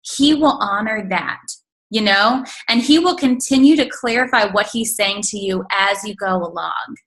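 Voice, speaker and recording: A woman giving an energetic, faith-based motivational talk to her sales team over a video call, with lots of fillers. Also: mid-range voice, normal speed, rough recording. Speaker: network marketing team leader.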